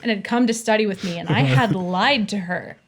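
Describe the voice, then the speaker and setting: A woman in her twenties, a podcast guest, telling a story in casual chat, animated, laughing often and acting out the people she quotes. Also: mid-range voice, a little fast.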